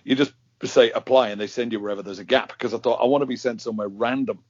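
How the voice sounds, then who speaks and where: A middle-aged man hosting a podcast, chatting in a casual, self-deprecating way with brisk asides, on dry, muffled lo-fi audio. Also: mid-range voice, steady tone, husky, no echo. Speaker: podcast host. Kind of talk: casual conversation.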